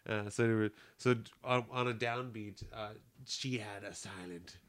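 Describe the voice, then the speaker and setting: A man's voice: on the low side, moderate pace, a bit bright. A man co-hosting a podcast in casual chat, telling stories full of "like" and laughing often. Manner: laughing storyteller, lots of "like" fillers, swearing. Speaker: podcast co-host.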